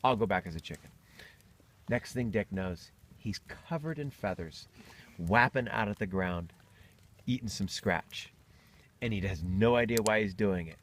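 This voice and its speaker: A man telling a campfire story in an animated, joking manner. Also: fairly low pitch, unhurried, a little hiss or hum.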